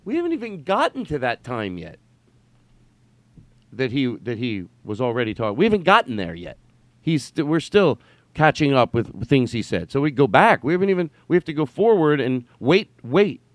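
A man's voice: medium pitch, wildly swooping pitch, moderate pace, no room sound. A man hosting a podcast, talking in a rambling, emphatic way with some swearing. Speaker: podcast host. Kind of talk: casual chat.

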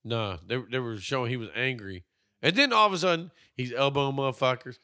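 Lively bright-voiced man riffing. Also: medium pitch, fast talker, no room sound, clean studio sound. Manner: profane, joking, slips into mock voices. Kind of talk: casual movie-riffing chat.

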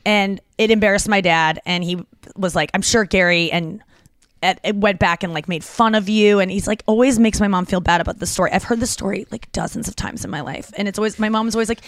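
A woman's voice: medium pitch, a little fast, no room sound. Chatty woman comedian, dry close mic. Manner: chatty, filler-heavy, frequent "like" and restarts. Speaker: comedian podcast co-host. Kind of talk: casual chat, rambling storytelling.

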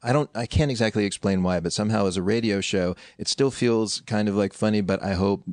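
A man's voice: lowish voice, a little fast, a little mellow, no echo, studio quality. A middle-aged man chatting casually as a guest, playful and self-deprecating, chuckling often. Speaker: podcast guest, radio show host. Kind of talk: casual chat.

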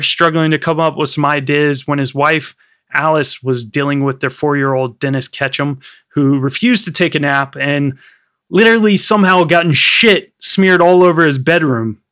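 An American man co-hosting a film podcast rambles through film history in a casual chat, using many fillers. His voice is on the high side with a sharp tone.

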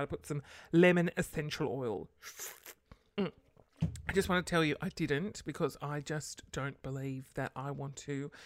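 A woman's voice: deep voice, fairly bright tone, no echo, clean studio sound. A woman hosting a casual solo podcast late at night, rambling and sarcastic, muttering curses under her breath. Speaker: podcast host.

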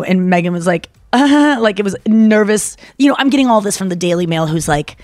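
A woman's voice: fairly low pitch, animated, a little fast, hardly any pauses, no echo, studio quality. A woman hosting a podcast in casual chat, rambling with lots of fillers. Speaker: podcast host. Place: Los Angeles studio.

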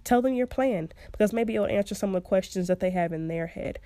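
A woman's voice: medium pitch, fairly quick, warm tone, no echo. A young woman hosting a podcast, giving casual advice in a chatty way and laughing often. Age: young adult. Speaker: podcast host.

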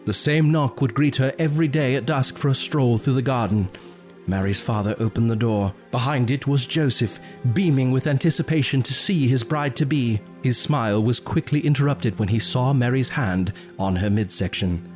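Male storyteller, mid-pitched, measured and dramatic, soft music behind. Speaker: narrator. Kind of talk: scripted story narration.

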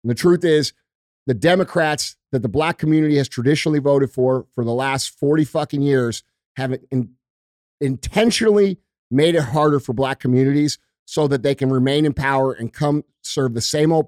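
A man's voice: mid-range voice, fairly quick, a little mellow, no echo, studio quality. A man co-hosting a podcast, ranting in heated casual talk and swearing often. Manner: profane, emphatic ranting. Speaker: podcast co-host.

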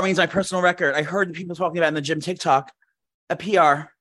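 Rambling chatty man, slightly high voice. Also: very fast. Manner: rambling, animated storytelling with many fillers. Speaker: podcast co-host. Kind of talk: casual chat.

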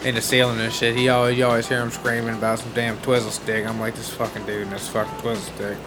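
A man's voice: mid-range voice, little pitch movement, over music. A man co-hosting a podcast, swearing and joking through casual banter. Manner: profane, fast and joking. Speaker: podcast co-host.

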